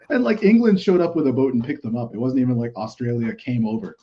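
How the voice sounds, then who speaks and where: A man's voice: medium pitch, animated, moderate pace, long pauses, warm tone, husky, dull audio. A man in casual political podcast chat, opinionated and ranting, with lots of "like" and swearing.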